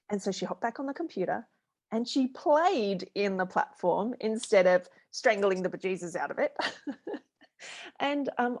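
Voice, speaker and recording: Animated middle-aged woman guest. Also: fairly high pitch. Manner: animated storyteller, acts out voices in anecdotes. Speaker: guest, business mentor. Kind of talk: conversational podcast interview.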